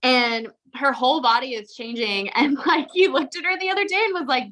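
A woman's voice: high-pitched, expressive, brisk, hardly any pauses, pushed and bright. A woman co-hosting a podcast, chatting candidly with lots of fillers and the odd swear. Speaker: podcast co-host and horse trainer. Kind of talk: casual chat.

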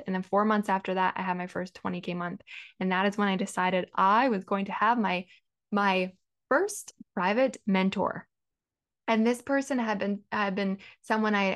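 A woman talks through her own business journey in an earnest, heartfelt monologue. Her pitch sits in the middle range. She fills her speech with "like" and restarts her phrases, and she sounds personal and emotional. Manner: earnest, emotional, fond of "like" and repeated words. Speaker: business coach and podcast host.

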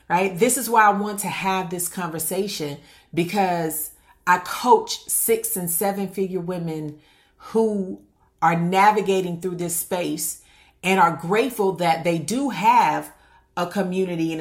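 A woman's voice: lowish voice, measured pace. A woman coaching successful women on marriage, speaking emphatically and asking many rhetorical questions. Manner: calls listener "honey". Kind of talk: motivational monologue.

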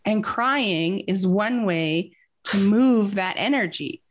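A woman's voice: medium pitch, expressive, slow pace. A woman talking as a guest in a casual interview, telling a personal story in an earnest, reflective way.

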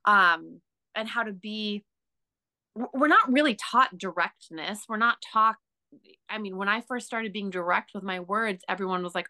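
A woman's voice: mid-range voice, measured pace, bright, forceful tone. A woman co-hosting a casual conversation, explaining her ideas in an earnest, emphatic way.

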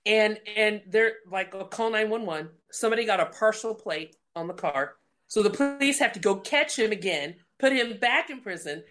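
As a guest, a middle-aged Coloradan woman recounts her faith story at a moderate pace and medium pitch. She's a lively storyteller who performs the quoted voices.

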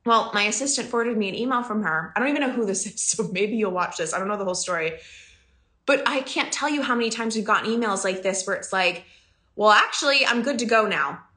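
A woman coach talks straight to her listeners in a bright, clear voice. She is chatty and emphatic and laughs often as she talks. Her pitch sits in the middle range for a woman. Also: quick pace. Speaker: business coach. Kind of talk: casual podcast talk. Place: home in the country.

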